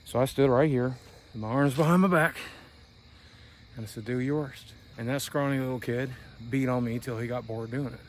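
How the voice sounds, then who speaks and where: A man's voice: medium pitch, moderate pace, slight background noise. Middle-aged man telling wry stories. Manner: candid, conversational, wry. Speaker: vlogger touring his hometown. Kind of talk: casual storytelling. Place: outdoors at night.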